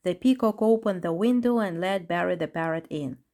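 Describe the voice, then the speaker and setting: A woman narrating a children's story in a clear, even reading voice. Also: fairly low pitch, normal speed.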